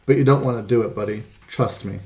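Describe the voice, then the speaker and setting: A wary, streetwise dog who drawls out warnings in a laid-back, knowing way, as a man reads him in a storybook. His voice is gravelly and sits at an ordinary pitch. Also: fast talker, darkish tone, lightly acted. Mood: cautioning.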